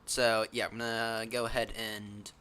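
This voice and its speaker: A man's voice: fairly low pitch, flat delivery, unhurried, sharp tone, smooth. A young American man chatting casually while streaming a flight simulator, rambling and often correcting himself. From United States. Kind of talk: casual live-stream chat.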